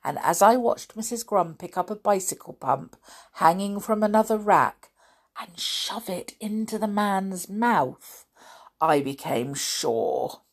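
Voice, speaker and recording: A woman reading a story aloud, narrating with expressive, dramatic delivery. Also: on the low side, a little slow, slightly rough.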